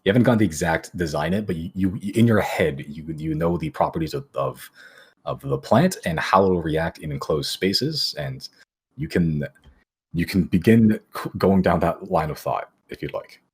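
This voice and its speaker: A man running a tabletop game as game master, talking haltingly with many repeated words. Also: low voice, darkish tone, husky.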